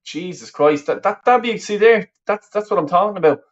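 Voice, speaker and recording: His voice sits high, with lively intonation and a brisk delivery, on a muffled recording. The Dublin-accented man, originally from the west of Ireland, commentates live on a football match for a watch-along stream and reads out comments from viewers. He's chatty and rambling, cursing freely and restarting often.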